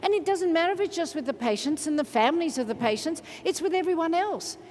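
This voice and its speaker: A woman motivational speaker, giving an energetic, playful keynote in a large conference hall and leading the crowd in chants. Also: very high voice, fast talker, slight background noise. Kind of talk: keynote speech to a large audience. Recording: reverberant hall from a stage mic.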